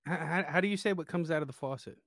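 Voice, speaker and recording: A laid-back man from the East Coast chats as a guest, playful and easygoing. His voice is a touch high and sounds close and dry, with no room around it. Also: fast talker, a bit bright, no room sound. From New Jersey, US East Coast. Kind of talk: casual chat.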